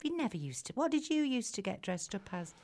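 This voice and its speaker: A woman's voice: fairly high pitch, big pitch swings, brisk, dark tone. A middle-aged woman hosting a casual chat, gossipy and motherly. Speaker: podcast host. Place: shed.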